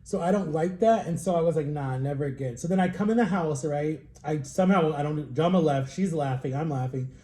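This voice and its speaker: A young man casually telling a story while tasting wine, animated, acting out quotes with jumps in pitch. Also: brisk, hardly any pauses, echoey room. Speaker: vlogger.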